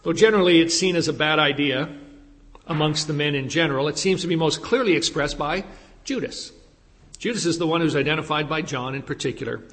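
A man preaching a sermon in a slightly higher voice than most men. He presses his point with rhetorical questions and emphasis, and his voice rings with a long reverb from a large hall. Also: brisk, fairly bright tone. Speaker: pastor.

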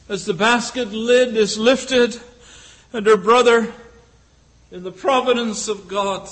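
A man's voice: sits high, slow pace, long pauses, fairly bright tone, rough recording. A male preacher delivering a sermon, retelling a scripture story with rhetorical questions and frequent hesitant fillers.

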